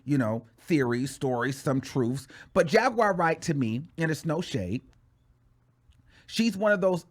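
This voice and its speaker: A young adult man hosting a gossip commentary show, animated and dramatic, with sassy asides. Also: high voice.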